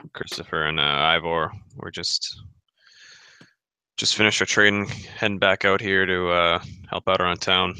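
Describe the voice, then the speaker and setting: A man's voice: deep voice, vocal fry, bright, forceful tone, clear, resonant tone, dry recording. A man taking part as a player in a tabletop role-playing game, talking in a casual, friendly, slightly hesitant way. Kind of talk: tabletop role-play chat.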